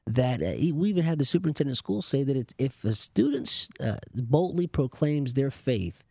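A man's voice: medium pitch, animated, normal speed, vocal fry, dark tone, dry recording, studio quality. A man co-hosting a Christian talk show, exhorting young listeners in conversation. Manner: affirming, exhorting. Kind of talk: conversational preaching.

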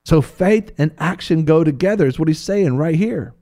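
Animated man preaching with lively pitch. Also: moderate pace. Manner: animated, playful, acts out biblical voices. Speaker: Bible teacher. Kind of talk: preaching talk on a broadcast.

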